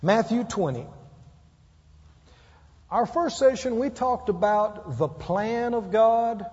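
High-voiced man preaching with emphasis. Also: darkish tone. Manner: emphatic, calls for amens. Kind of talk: sermon. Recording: muffled roomy hall.

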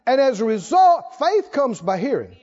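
A man preaching a sermon in an animated style, acting out stories and dropping into hushed asides. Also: very high voice, moderate pace, lo-fi sound.

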